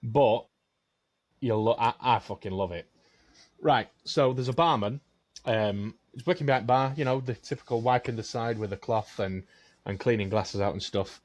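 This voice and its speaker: Man, co-host, rambling sweary joke-teller, mid-pitched. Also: moderate pace. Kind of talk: casual chat, telling a long joke.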